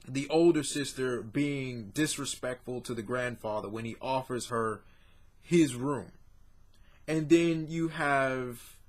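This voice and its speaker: A man talking through a manga review in a loose, unscripted monologue, with a middle-pitched voice. He speaks bluntly, trails off with fillers and restarts his sentences. When something annoys him he swears. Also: fairly bright tone.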